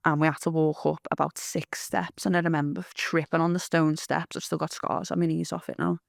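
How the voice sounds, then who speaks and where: A woman's voice: low voice, little pitch movement, fairly quick, creaky, no room sound, clean studio sound. A woman giving blunt, rambling testimony, swearing freely as she tells her story. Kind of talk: candid storytelling.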